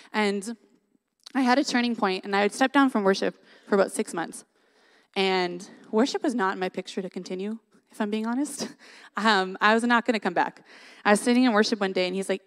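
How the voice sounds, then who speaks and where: A woman's voice: medium pitch, quick pace. A young woman giving a sermon in an earnest, conversational way, often adding "like" and "right?". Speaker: worship leader giving a church talk.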